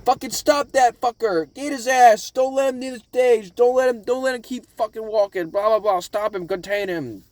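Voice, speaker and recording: A man voicing a bigoted crowd that shouts hateful, profane threats in a mocking way. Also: extremely high pitch, normal speed, few pauses, no room sound, pitched above the performer's own voice. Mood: jeering.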